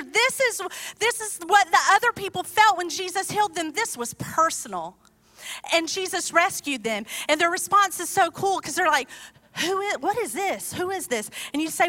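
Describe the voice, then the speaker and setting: A woman delivering a sermon with a high, bright voice. She preaches conversationally, telling the story with lively asides. The sound carries a long hall reverb.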